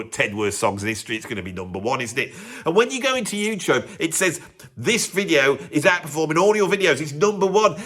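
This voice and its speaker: A man's voice: high voice, pushed and bright. A man, a musician hosting his own video channel, ranting in a mock-pompous, self-mocking way. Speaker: YouTube host and professional drummer. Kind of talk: sarcastic comedic rant to camera.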